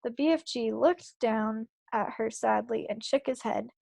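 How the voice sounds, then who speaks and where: Gravelly-voiced woman reading a storybook. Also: fairly high pitch, a little slow, dry recording. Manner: steady storybook narration. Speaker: book club reader. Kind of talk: reading a children's book aloud.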